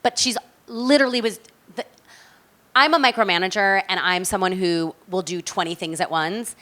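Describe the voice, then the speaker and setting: A woman chatting as an interview guest, telling long, animated, rambling stories. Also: mid-range voice, moderate pace. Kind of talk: casual chat.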